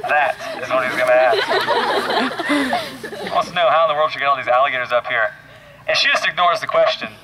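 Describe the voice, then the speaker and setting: A man telling a long joke in an animated, chuckling way, often restarting his sentences. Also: mid-range voice, quick pace, a crowd in the background. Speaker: joke teller. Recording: loud background noise.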